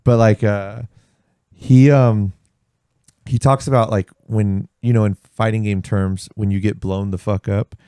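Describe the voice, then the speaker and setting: A man chats on a podcast, spinning animated stories and acting out what people said, swearing as he goes. His voice sits fairly low with a mellow, dark tone. The sound is dry and close, with no room behind it. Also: a little slow, clean tone, dry recording. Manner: animated storyteller, swears freely, acts out quotes. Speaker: podcast host. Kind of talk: casual podcast chat. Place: podcast studio.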